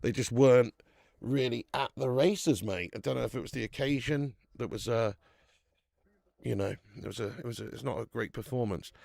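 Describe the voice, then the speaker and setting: A man's voice: mid-range voice, normal speed, creaky, darkish tone, dry recording, studio quality. A man with a chatty, sweary manner hosting a live football watch-along, greeting viewers in the chat as he commentates.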